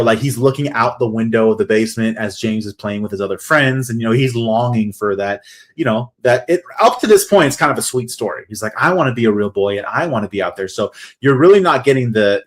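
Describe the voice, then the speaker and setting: Male podcast co-host, casual film recap, rambling delivery, average pitch. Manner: rambling, many restarts and fillers.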